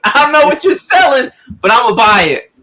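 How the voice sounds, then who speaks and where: A man on a podcast reacting loudly and excitably in a casual chat. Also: extremely high pitch, brisk, rough recording. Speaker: podcast co-host.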